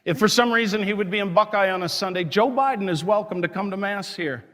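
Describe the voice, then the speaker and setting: A male priest with a high voice preaches with fiery, indignant force. His words ring through a church with a long, lingering reverb. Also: fast, fairly bright tone. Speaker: diocesan priest. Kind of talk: sermon.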